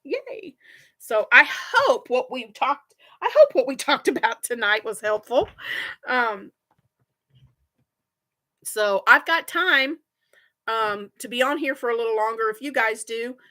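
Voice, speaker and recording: A woman's voice: a little high, expressive, unhurried, long pauses, sharp tone. A middle-aged woman hosting a crochet livestream, chatting casually and rambling with viewers and laughing often. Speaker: crochet channel host.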